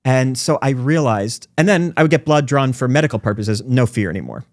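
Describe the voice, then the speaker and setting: A man in his forties, a podcast guest telling stories in fast, animated conversation. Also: mid-range voice, dry recording, clean studio sound. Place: recording studio.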